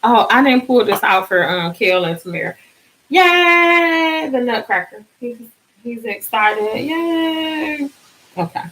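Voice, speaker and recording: A woman's voice: mid-range voice, normal speed, a bit bright, rough recording. A woman hosting a casual live stream, chatty and bubbly, sleepy and singing out little cheers.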